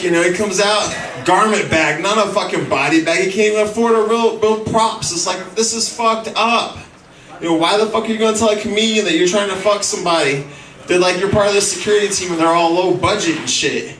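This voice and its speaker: A man's voice: high-pitched, brisk, fairly bright tone. A man doing a stand-up comedy set in a club, crude and rambling, full of profanity, acting out the lines of the people in his stories. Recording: roomy echo, mic heard from a distance.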